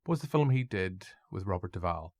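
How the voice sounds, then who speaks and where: A man with a Northern Irish accent co-hosting a podcast, rambling and excitable, swearing and going off on tangents. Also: sits low, brisk, dry recording, clean studio sound. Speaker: podcast co-host. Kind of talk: casual chat.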